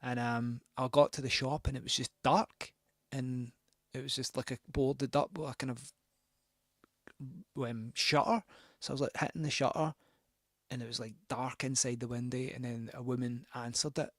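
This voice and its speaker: A man's voice: mid-range voice, level tone, normal speed, no echo, clean studio sound. A man hosting a record show, telling a rambling, sweary, self-mocking anecdote between records. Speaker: radio host spinning records.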